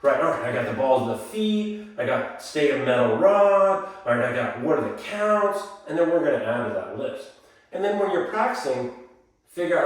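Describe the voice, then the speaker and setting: A man's voice: on the high side, very animated, moderate pace. A male dance instructor teaching a lesson, calling out counts in a singsong rhythm and explaining the drills. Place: dance studio. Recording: echoey studio, voice from far off.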